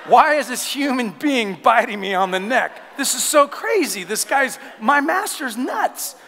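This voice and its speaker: A man's voice: very high-pitched, sing-song, measured pace, creaky, pushed and bright, a little hiss or hum, pitched above the performer's own voice, full character voice. A man voicing a frantic, bewildered little wiener dog. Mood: alarmed. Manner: frantic, exclaiming. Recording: long church reverb.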